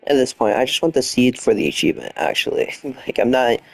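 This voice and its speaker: A young gaming streamer lies down for a late-night session, muttering and swearing with half-whispered flare-ups of frustration. His medium-pitched voice is brisk and slightly rough, full of big pitch swings and vocal fry, with no room sound.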